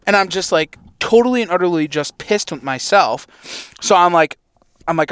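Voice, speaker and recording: A man's voice: fairly high pitch, normal speed, smooth, no echo. A young man hosting a podcast, telling a hunting story in casual chat with lots of swearing and acted-out reactions. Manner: animated storyteller, swears a lot, acts out his own reactions. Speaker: podcast co-host. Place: inside a parked truck.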